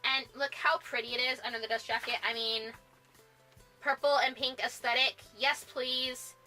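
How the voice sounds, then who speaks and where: A woman's voice: fairly high pitch, steady tone, normal speed, bright, forceful tone, soft background music, poor audio. A woman presenting a casual book review vlog, bubbly and gushing, laughing often as she talks. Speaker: book vlogger.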